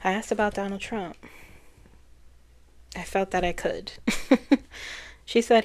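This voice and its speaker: A woman who reads cards and channels spirits, talking in a slow, hesitant way as she recounts messages. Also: mid-range voice. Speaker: spiritual channeler and card reader. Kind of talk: casual spiritual chat.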